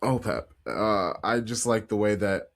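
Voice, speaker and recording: A man's voice: on the low side, animated, a little slow, vocal fry. A man hosting a football podcast in casual chat, talkative and laughing easily. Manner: chatty, laughs easily, lots of fillers. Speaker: podcast host.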